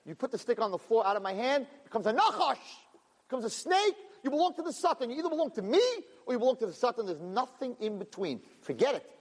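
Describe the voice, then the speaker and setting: A man's voice: very high-pitched, very animated, fast talker, voice pushed up, full character voice. A male lecturer voicing God as a stern, commanding male figure, speaking emphatically and insistently. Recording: long hall reverb.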